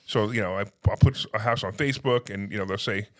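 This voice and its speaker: Fast-talking animated man. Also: fairly low pitch. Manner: animated, acts out phone calls in quoted voices. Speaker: podcast guest, real estate investor. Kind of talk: casual conversational storytelling.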